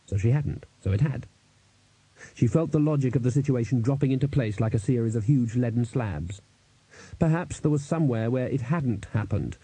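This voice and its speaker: A man narrating an audiobook in a dry, measured storytelling manner. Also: medium pitch, warm tone, slightly rough, dry recording, poor audio.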